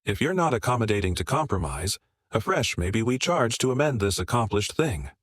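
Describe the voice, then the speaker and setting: A man voicing a defensive, manipulative woman in a spoken story, with a sharp, insistent way of talking. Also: lowish voice, big pitch swings, brisk, no echo, clean studio sound.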